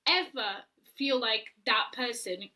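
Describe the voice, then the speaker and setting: A young woman co-hosting a podcast, chatting casually about books with profane, animated storytelling and acted-out quotes. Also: fairly high pitch, slow. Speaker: podcast co-host. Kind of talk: casual book chat.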